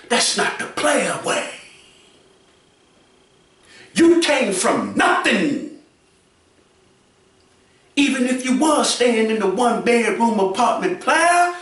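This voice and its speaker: A man giving preachy advice to other people, repeating his points and often raising his voice to a shout. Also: extremely high pitch, heavy reverb, far from the mic. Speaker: commentator.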